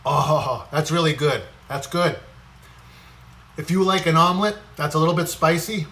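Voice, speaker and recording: A man's voice: a little high, moderate pace, fairly bright tone. A man hosting a casual cooking live stream, chatting with viewers and greeting them by name, sometimes moving away from the mic as he cooks. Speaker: livestream cooking host.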